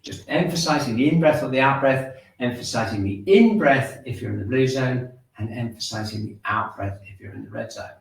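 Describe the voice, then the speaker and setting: Male movement teacher, calm and instructive, mid pitch; heavy room echo, distant mic. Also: fairly quick, vocal fry, hardly any pauses, a little hiss or hum. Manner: calm, gently instructive, talks through exercises step by step. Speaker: qi gong and shiatsu instructor. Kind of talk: guided movement and breathing class. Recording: very echoey room, mic far off.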